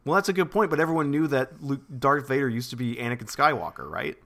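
A man's voice: mid-range voice, expressive, fast talker, gravelly, a bit bright. A man co-hosting a podcast, recapping chapters in a rambling, laughing chat. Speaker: podcast co-host.

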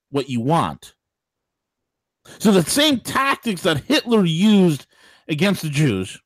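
A man hosting a political talk radio show, ranting in an animated way, with mock voices and laughter. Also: fairly high pitch, dry recording.

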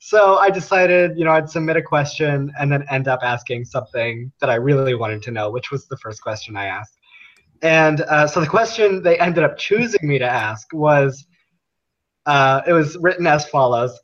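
A man's voice: on the high side, normal speed, fairly bright tone. Young man on a muffled remote line. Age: young adult. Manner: earnest storyteller, laughs often. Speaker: guest. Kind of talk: casual interview.

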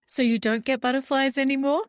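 A woman's voice: sits high, steady tone, fairly quick, no room sound, studio quality. A woman hosting a podcast interview who asks playful, teasing questions. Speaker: podcast host.

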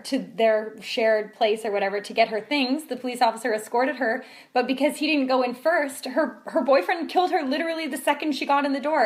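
A woman co-hosting a casual discussion podcast, talking in an animated, indignant way with many fillers. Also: high-pitched. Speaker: podcast co-host.

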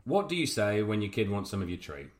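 A man's voice: lowish voice, very animated, fast, reverberant. A man and father co-hosting a casual chat, bantering and swearing casually. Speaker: podcast co-host.

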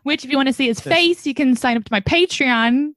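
A woman's voice: sits high, brisk, fairly bright tone, dry recording, studio quality. Frank, giggly woman podcast host. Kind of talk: casual podcast chat.

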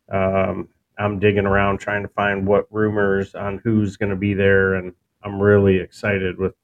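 A man co-hosting a casual wrestling podcast, talking in a relaxed, rambling way with many fillers and restarts. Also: sits low. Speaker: podcast co-host. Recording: dull lo-fi sound with faint noise.

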